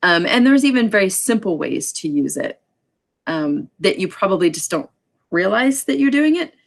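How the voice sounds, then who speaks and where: A woman teaching a sign language class, explaining in a casual way with many ums and quick asides. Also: mid-range voice, sing-song, gravelly. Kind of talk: casual online class lecture.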